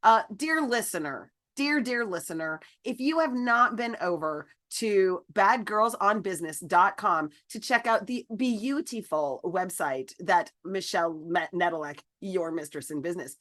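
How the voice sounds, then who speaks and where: A woman's voice: on the low side, measured pace, hardly any pauses, a bit bright. A woman co-hosting a podcast, upbeat and chatty, talking to guests and listeners. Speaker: podcast co-host. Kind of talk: casual podcast chat.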